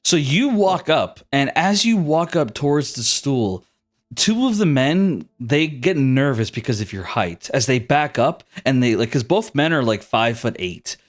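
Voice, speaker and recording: Male game master, casual descriptive storyteller, animated pitch. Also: unhurried. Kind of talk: narrating a tabletop game.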